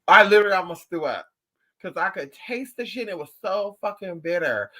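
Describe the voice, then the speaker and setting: A man hosting a casual livestream, telling stories in an animated, profane and sassy way while answering viewers. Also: sits high, normal speed. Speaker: livestream host.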